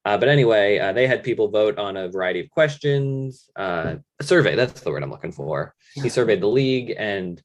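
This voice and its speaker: A man's voice: fairly low pitch, lively intonation, brisk, few pauses. A young man co-hosting a fantasy league podcast, talking casually and often hesitating to search for words. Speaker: podcast co-host.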